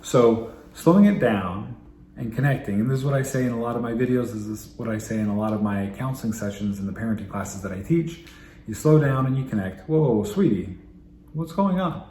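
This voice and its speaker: A male family therapist giving calm, explanatory parenting advice to camera, repeating his key points. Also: fairly low pitch, brisk, slight background noise. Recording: roomy echo, faint ambience.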